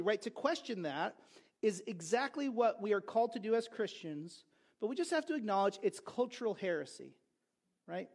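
A man preaching a sermon as pastor, in a conversational way with quick asides and restarts. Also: sits high, lively intonation.

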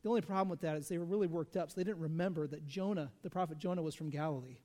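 A man preaching a sermon in a conversational, animated way, full of asides and rhetorical questions. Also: on the high side, very fast, long reverb tail. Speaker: pastor.

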